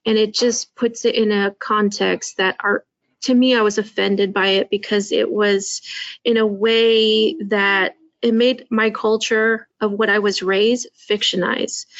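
A woman's voice: medium pitch, a bit bright, no echo. Earnest woman panelist, dull dry audio. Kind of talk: panel discussion.

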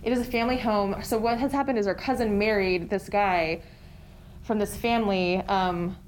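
A woman's voice: medium pitch, steady tone, moderate pace, low-quality recording. Chatty woman talkin books, lots of ums and giggles, faint hiss behind. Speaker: podcast co-host. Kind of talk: casual book chat.

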